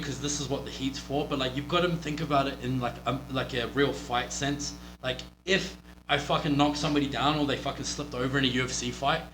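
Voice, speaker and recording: A man's voice: mid-range voice, a bit bright. A man with a New Zealand accent, coaching a wrestler through a casual match review in a blunt, profane, rambling way. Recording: roomy with faint hum.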